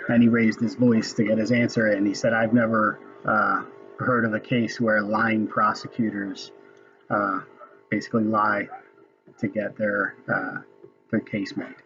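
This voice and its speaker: A man's voice: lowish voice, level tone, unhurried, fairly bright tone, highs cut off, faint music behind. A man ranting casually and angrily about a hearing he is watching, swearing often. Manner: profane, angry ranting. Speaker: political commentator. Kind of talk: casual recorded commentary.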